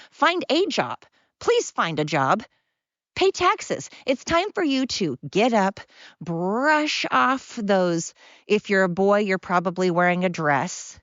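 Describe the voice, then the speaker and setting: A woman's voice: medium pitch, no room sound. A woman hosting her own show, delivering an angry, sarcastic solo rant with lots of emphatic repetition. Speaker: podcast host. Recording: dull lo-fi sound.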